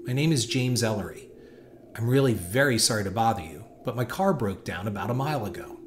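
A man's voice: lowish voice, lively intonation, fairly quick, lightly acted. A man voicing a polite, nervous young traveler who speaks apologetically. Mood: polite uneasy. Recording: noisy hiss behind voice.

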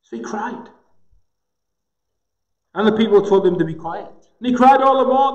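A man preaching a sermon in a gospel hall, slow and emphatic with dramatic pauses. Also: high-pitched, animated, lo-fi sound. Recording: echoey hall with long reverb.

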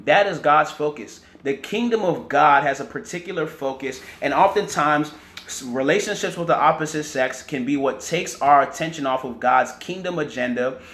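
A man's voice: fairly high pitch, normal speed, fairly bright tone, echoey room. A man preaching a teaching sermon, often repeating words and checking in with "right?" and "amen".

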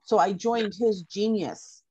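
A woman's voice: medium pitch, takes it slowly, darkish tone, breathy edge, muffled recording. A woman chatting on a video call, enthusiastic, with fillers trailing through her stories. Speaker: guest. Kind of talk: casual video-call chat.

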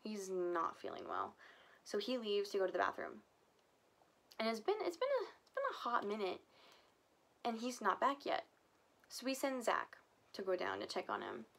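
A woman's voice: mid-range voice, wildly swooping pitch, moderate pace, creaky, pauses often, a bit bright. A young woman vlogger telling a casual storytime, chatty and full of filler words. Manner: chatty, heavy use of filler "like".

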